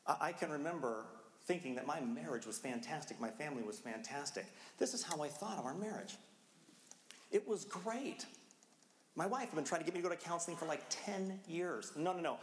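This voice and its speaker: A middle-aged man with a slightly high voice preaches like he is chatting with friends and bursts into frantic playacting. He sounds like he is in a big church auditorium, his words trailing off into a long, roomy echo. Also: lively intonation, a little hiss or hum. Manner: conversational preaching, acting out his own rushed outbursts. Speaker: pastor. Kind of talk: sermon. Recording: echoey hall, long reverb.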